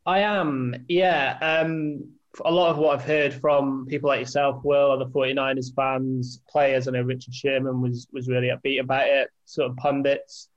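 Flat-toned man talking sport. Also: medium pitch, normal speed, few pauses, highs cut off. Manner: flat-toned, rambling, self-deprecating. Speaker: podcast co-host, editor. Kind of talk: casual sports podcast chat.

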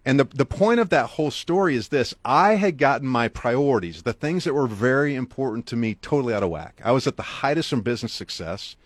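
A man's voice: lively intonation, fairly quick, hardly any pauses, dry recording. A middle-aged man, an author and guest speaker, earnestly telling a motivational story to the listener with big swings for emphasis. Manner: earnest, talks straight to the listener; wide swings in pitch and loudness for emphasis.

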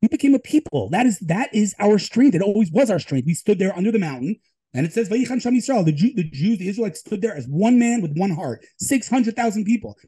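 A man in an interview, a tech advisor telling emphatic, animated stories. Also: high-pitched, fairly quick, slightly rough, low-quality recording. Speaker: guest, tech advisor and Israel advocate. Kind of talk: storytelling interview talk.

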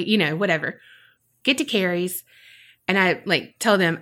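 A woman's voice: mid-range voice, expressive, normal speed, a bit bright. A woman, telling a personal story on a podcast and acting out her own past remarks. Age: 30s. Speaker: podcast co-host. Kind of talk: casual storytelling chat.

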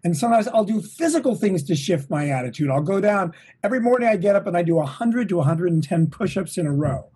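Man, middle-aged, husky, motivational, energetic, interview guest. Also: high-pitched, fast talker, few pauses. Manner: energetic, enthusiastic, motivational, swearing now and then. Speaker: guest, touring rock drummer. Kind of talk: casual interview. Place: home, at a desk.

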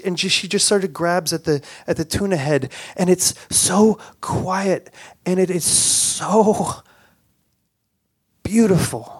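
A man telling a personal story live, halting often, with stammers and repeated words. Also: fairly high pitch, dry recording, clean studio sound.

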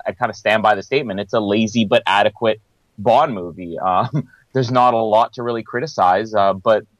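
A man's voice: lowish voice, no echo, poor audio. Chatty man co-hosting a film podcast. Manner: chatty, laughs between phrases, many fillers. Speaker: podcast co-host. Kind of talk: casual film-review chat.

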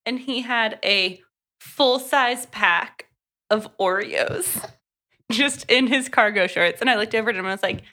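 A woman's voice: fairly high pitch, measured pace, bright, forceful tone. A woman co-hosting a podcast in casual chat, tossing in wry jokes and easy swearing. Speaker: podcast co-host. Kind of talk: casual book-review chat.

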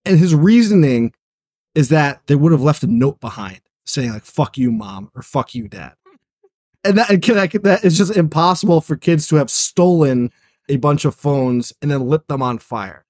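A man's voice: on the high side, expressive, moderate pace, darkish tone, no echo, studio quality. A man co-hosting a horror movie podcast in casual chat, blunt and exasperated, swearing as he rants. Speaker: podcast co-host.

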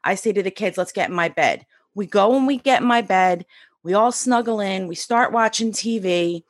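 A podcast guest in her forties tells a personal story during an interview, lively and animated, acting out the voices of the people involved. Her voice is mid-range at a moderate pace, and the recording is dry and studio quality.

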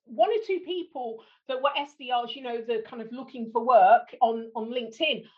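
A woman's voice: fairly high pitch, moderate pace, dull audio. A middle-aged woman hosting a podcast interview in a casual chat, dropping self-deprecating jokes and laughing often. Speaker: podcast host.

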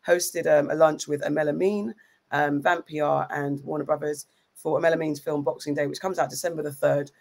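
A woman's voice: low voice, fairly even intonation, fairly quick, gravelly, darkish tone. A young woman co-hosting a podcast, chatty and rambling with many ums, just over an illness. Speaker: podcast co-host. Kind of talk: casual chat.

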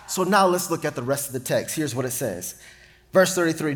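A man's voice: a little high, a little fast, slight background noise. A man preaching a sermon, reading scripture dramatically. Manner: animated, dramatic Bible reading. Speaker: pastor.

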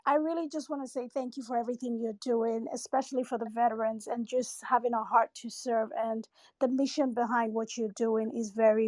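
A woman calling in on an online call, politely thanking the speaker and asking a measured question. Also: on the high side, darkish tone, dry recording. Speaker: caller with a question.

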